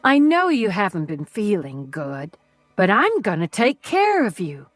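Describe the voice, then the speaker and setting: A woman's voice: medium pitch, huge pitch swings, unhurried, no room sound, soft background music. A woman voicing a white-haired male kidnapper who speaks with a twangy American Southern accent and a child's cadence. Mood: childishly eager. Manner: childish, wheedling, turning menacing.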